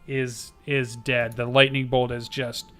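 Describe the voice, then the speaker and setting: A man narrating as game master of a tabletop game, slow and halting, with many fillers. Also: medium pitch, flat delivery, a bit bright, soft background music.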